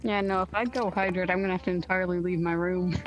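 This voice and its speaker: A woman with an American accent, a guest on a stream, chatting in a relaxed way over a voice call. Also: on the low side, fast, faint music behind, poor audio. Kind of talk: casual chat.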